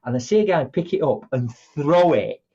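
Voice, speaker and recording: A man's voice: on the high side, lively intonation, moderate pace, warm tone, husky, dull audio. A middle-aged man, a motivational speaker telling stories in an interview and acting out the dialogue in different voices. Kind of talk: conversational storytelling.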